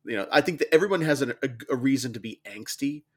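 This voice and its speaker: A man's voice: medium pitch, animated, fast talker. Musing, easygoing man talking books. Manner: musing, hedging, thinks aloud. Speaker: podcast co-host. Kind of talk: casual book discussion.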